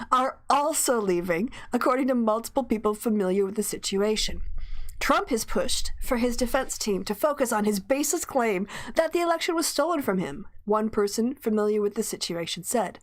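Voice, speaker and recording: A woman host in casual commentary, reading news aloud with gleeful, chatty asides. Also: a little high. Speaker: livestream host.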